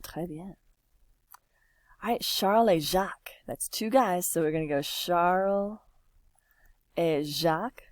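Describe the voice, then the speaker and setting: A woman teaching French at a deliberately unhurried pace. Her voice sits a little low, and she coaxes the class along with patient, encouraging prompts. The sound is dry and close, with no room echo. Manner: patient, encouraging, slow and drawn-out. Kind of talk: classroom lesson, typing while explaining.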